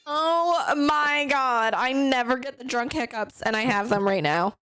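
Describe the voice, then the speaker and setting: A woman's voice: high-pitched, measured pace, pushed and bright, clean tone, soft background music. Hiccuping young woman streamer. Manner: flustered, exclaiming, giggly. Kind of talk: casual livestream chat.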